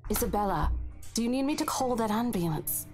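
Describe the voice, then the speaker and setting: An actress voicing a caring woman real estate agent in a game, speaking gently and with concern. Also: fairly high pitch, animated, a little fast, faint music behind, close to an everyday voice. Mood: worried. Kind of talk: game voice acting.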